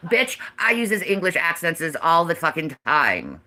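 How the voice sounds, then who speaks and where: A woman's voice: on the low side, animated, moderate pace, hardly any pauses, bright, forceful tone. A woman in her forties, ranting on a livestream, swearing heavily in a defiant, emphatic way. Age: 40s. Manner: heavy profanity, defiant and emphatic.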